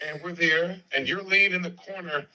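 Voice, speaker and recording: Bright-voiced man telling anecdotes. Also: sits high, normal speed, low-quality recording. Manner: animated anecdotes with put-on voices. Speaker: podcast host. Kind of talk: casual storytelling interview.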